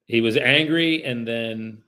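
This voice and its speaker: A man's voice: medium pitch, sharp tone. A man working as a real estate agent, chatting casually to viewers while making cold calls on a livestream. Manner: chatty, addresses viewers directly; polite and apologetic on calls.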